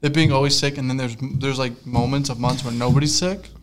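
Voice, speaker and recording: A man's voice: mid-range voice, fairly even intonation, brisk, a little hiss or hum. A young man co-hosting a casual comedy chat, giggly and rambling, often trailing off into mumbles. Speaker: podcast co-host.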